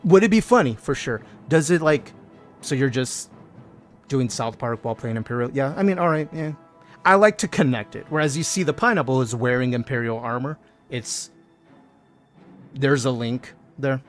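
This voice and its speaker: A man's voice: medium pitch, normal speed, faint music behind. A man streaming a game, joking around playfully and reading out viewer messages. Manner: playful, jokey, reads chat aloud. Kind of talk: casual gaming stream chat.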